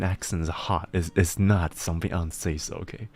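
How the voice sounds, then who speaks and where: Dude streaming and venting, super low voice, stumbles over words, laughs a lot, soft music in the back. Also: male voice, steady tone, fast, hardly any pauses. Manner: rambling, laughs often, restarts words. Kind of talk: casual chat while working.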